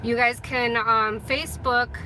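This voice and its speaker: A woman's voice: a little high, fairly even intonation, unhurried, sharp tone, slight background noise, poor audio. A woman chatting casually to her viewers as a vlogger and radio host, rambling with apologetic asides, filmed on a phone inside a car. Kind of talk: casual vlog chat.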